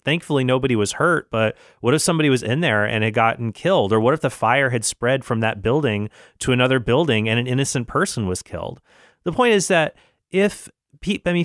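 A man's voice: medium pitch, a bit bright, dry recording, clean studio sound. Earnest man reasoning through an argument. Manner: earnest, reasoning, with frequent restarts. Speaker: Christian podcast host. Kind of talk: solo podcast commentary.

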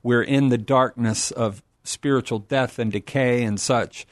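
Middle-aged male guest, eager and rambling, mid-pitched, dry close mic. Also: fairly even intonation, a little slow, dry recording. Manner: enthusiastic, rambling, preacherly. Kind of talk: casual radio talk.

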